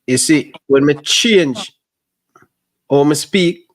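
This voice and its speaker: A man with a Jamaican accent hosting a casual chat, telling stories in relaxed patois. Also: a little high, slow.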